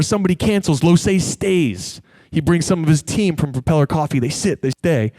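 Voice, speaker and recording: A man speaking on stage to a live audience, telling a personal story in an animated way and acting out the voices of the people in it. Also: a little high, normal speed, no room sound. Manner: animated, acts out quoted voices.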